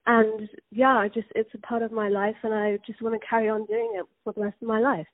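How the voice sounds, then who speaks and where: A woman's voice: a little high, little pitch movement, a little fast. English teen girl on a tinny phone line. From England. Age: teens. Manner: soft, friendly, with frequent ums and likes. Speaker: singer, guest. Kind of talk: phone interview.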